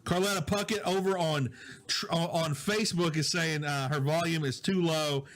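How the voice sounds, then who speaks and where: A man with a somewhat high voice hosts a live stream from his home office. He chats easily, greets viewers and reads their comments aloud. His mic is quiet and a little weak. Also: steady tone, normal speed. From Southwest Louisiana. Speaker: digital host. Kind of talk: casual live-stream chat. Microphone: low-volume mic with problems.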